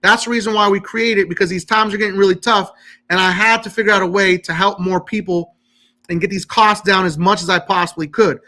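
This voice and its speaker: A man's voice: high-pitched, steady tone, a little fast, sharp tone. A man hosting a live-stream Q&A on credit repair, talking emphatically and often checking in with "okay?".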